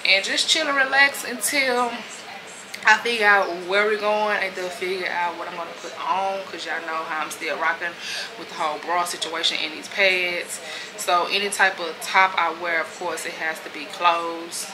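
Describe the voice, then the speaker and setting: A woman chats candidly to camera and keeps calling her viewers y'all. Her voice sits a little low. Steady background noise runs under the recording. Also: normal speed. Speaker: lifestyle vlogger. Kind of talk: casual chat to camera.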